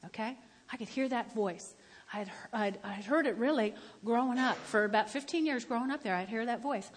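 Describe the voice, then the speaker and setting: High-voiced older woman preaching in a hall. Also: fairly quick, a little hiss or hum. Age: about 70. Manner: storytelling, building to loud emphatic exhortation. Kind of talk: sermon. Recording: echoey hall with long reverb.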